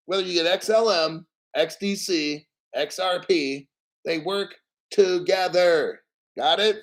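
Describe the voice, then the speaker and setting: A brash man hosting a crypto vlog, swearing freely and cracking jokes between points. His voice sits a little high for a man, and he hammers home key words by slowing right down on them. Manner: brash and profane, jokey asides; emphatic, repeats words slowly. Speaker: crypto channel host. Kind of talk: casual crypto vlog commentary.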